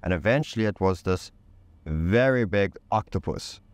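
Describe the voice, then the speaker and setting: Deep-voiced man telling an intense story. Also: animated, normal speed, no room sound. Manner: intense and emphatic, casual slang and swearing. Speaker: podcast guest. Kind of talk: candid personal storytelling in conversation.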